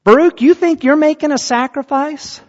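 A man voicing a stern God who scolds a complaining man, speaking emphatically, raised and loud. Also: very high voice, normal speed, pitched above the performer's own voice. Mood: indignant. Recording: dull, echoey hall.

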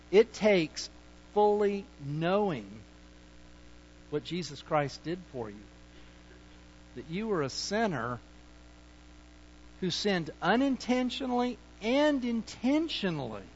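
A male pastor preaching a sermon, emphatic, with sudden shifts between loud points and quiet asides. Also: lo-fi sound, a little hiss or hum. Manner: acts out sheepish excuses in a low mutter.

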